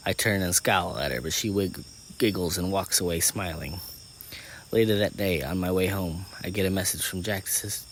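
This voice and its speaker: A man with a very low voice reads a first-person story aloud. He keeps a steady pace with small slips and restarts. Faint crickets are heard behind him. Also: moderate pace, slight background noise. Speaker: narrator.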